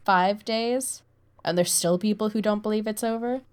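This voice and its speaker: A woman's voice: mid-range voice, moderate pace, clear, resonant tone. A woman co-hosting a podcast in casual chat, playful and swearing offhandedly. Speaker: podcast co-host.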